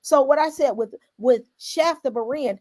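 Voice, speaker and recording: A woman on a panel discussion, talking forcefully and emphatically in a colloquial, heated way. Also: high-pitched, normal speed.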